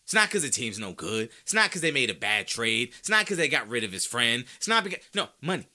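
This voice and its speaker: A man hosting a sports podcast in a very bright, sharp voice, ranting in a casual, slangy way. His pitch swings widely as he fires off rhetorical questions. He argues with strong, confident opinions. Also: very animated, brisk. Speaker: podcast host.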